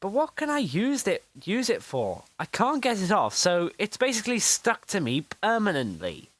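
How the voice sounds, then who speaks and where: A performer voicing an eager, excitable young boy in a homemade superhero story. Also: medium pitch, moderate pace, dry recording, voice pushed up. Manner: eager, breathless.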